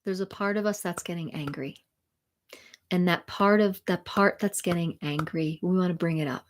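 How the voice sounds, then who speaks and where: A woman spiritual mentor and sound healer, talking gently and soothingly to viewers of a live stream. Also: lowish voice, moderate pace, a little hiss or hum.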